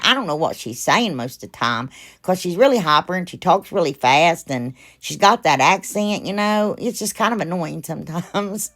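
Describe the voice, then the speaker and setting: A woman's voice: fairly low pitch, a bit bright. Chatty woman hosting a craft tutorial. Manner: chatty and rambling, talks straight to viewers; frequent fillers and side comments. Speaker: craft channel host.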